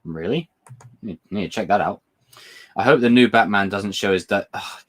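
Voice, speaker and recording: A lowish, slightly rough voice with a bit of brightness belongs to this British livestream host, who talks at a moderate pace. He chats casually, wandering across topics as he reads comments from his viewers.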